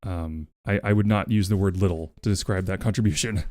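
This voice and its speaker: A man with a fairly low voice, chatting loosely with his viewers on a live stream. He rambles, swears casually and gushes his thanks. The sound is dry and close, with no room around it. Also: fairly even intonation, fairly quick, darkish tone, dry recording. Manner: rambling, profane and effusively thankful.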